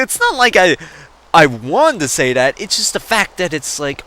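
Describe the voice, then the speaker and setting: A young man telling a rambling story about his sister while playing a game, breaking into high squeaky acted-out quotes. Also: sing-song, moderate pace, bright, forceful tone. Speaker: let's play gamer. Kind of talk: casual gameplay commentary.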